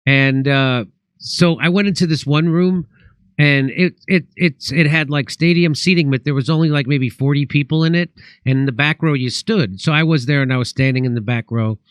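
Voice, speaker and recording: Higher-pitched man telling rambling comic stories. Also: moderate pace, clear, resonant tone, no echo. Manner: rambling anecdotes with restarts and acted quotes. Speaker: comedian host. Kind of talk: casual storytelling chat.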